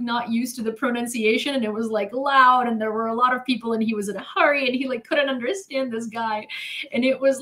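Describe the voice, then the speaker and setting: A woman's voice: high voice, fairly bright tone. Chatty young woman streamer, laughing. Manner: rambling, full of "like" and restarts, laughs often. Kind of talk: casual storytelling to a live chat.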